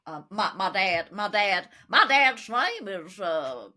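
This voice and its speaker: Brief: a woman putting on a drawling, unhurried Southern farm lad. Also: medium pitch, very animated, bright, forceful tone, exaggerated voice. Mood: hesitant. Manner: drawling, slow and halting. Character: slow-talking young Deep South farm man.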